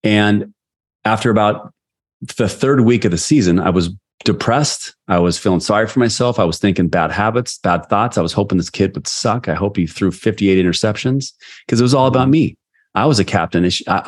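A man in his forties, a sales leader, telling a personal story in an interview, acting out quotes with lively energy. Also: sits low, a little fast. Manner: animated, acts out quotes. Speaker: guest, sales leader and coach.

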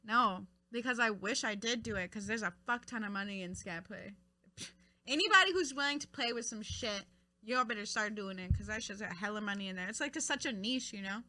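A young woman co-hosting a podcast, bantering loudly and crudely with a friend. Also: medium pitch, lively intonation, brisk. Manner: loud, crude, laughing banter. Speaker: podcast co-host. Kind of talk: casual chat.

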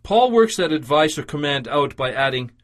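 A man's voice: fairly high pitch, very animated. Earnest man preaching a radio devotional. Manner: measured, earnest, emphatic reading. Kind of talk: scripted radio devotional sermon.

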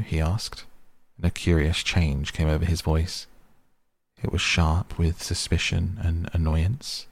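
A man reading an audiobook, his voice very deep and gravelly. He narrates in a steady, even way with a husky grain. The sound is dry and close. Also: a little slow, dry recording. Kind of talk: scripted narration.

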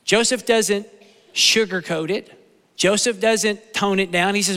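A man's voice: sits high, unhurried, a bit bright, long reverb tail. A male pastor preaching a sermon in a folksy, emphatic way, with humor and repeated phrases. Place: church sanctuary.

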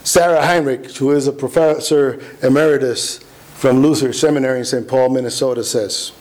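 A man's voice: mid-range voice, steady tone, normal speed, a little mellow, rough recording. A man preaching a sermon, earnest and emphatic, often restarting his words. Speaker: pastor.

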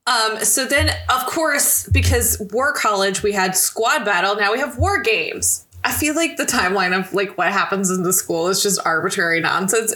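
A woman's voice: medium pitch, bright, forceful tone. A woman co-hosting a podcast, chatting casually as she recaps a book and laughs often. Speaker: podcast co-host.

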